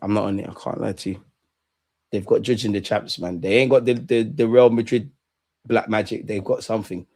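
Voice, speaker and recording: A man's voice: on the low side, steady tone, fairly quick, darkish tone. A young man hosting a live football watch-along, bantering with his chat in slang, swearing and laughing often.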